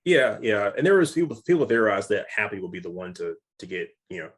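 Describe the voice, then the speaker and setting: A young man with a somewhat low voice reviews a film in a relaxed back-and-forth. He gets excited and stammers, repeating words and restarting his sentences as he goes. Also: fast, slightly rough. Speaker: movie reviewer. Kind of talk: casual chat.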